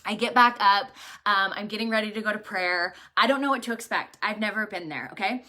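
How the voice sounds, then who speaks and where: A woman's voice: medium pitch, brisk, pushed and bright. A woman hosting a livestream, chatting casually and animatedly with viewers, telling travel stories full of rhetorical questions and fillers. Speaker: livestream host.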